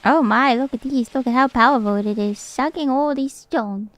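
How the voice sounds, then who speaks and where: A woman's voice: high-pitched, normal speed, dry recording. A woman streamer, not a native English speaker, chatting playfully and laughing often while she comments on a game. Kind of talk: casual gaming commentary.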